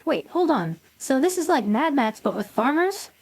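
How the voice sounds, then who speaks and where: A woman's voice: high voice, big pitch swings, moderate pace, a little mellow, low-quality recording. A woman co-hosting a scripted podcast, giving sassy, dramatic reactions. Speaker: co-host.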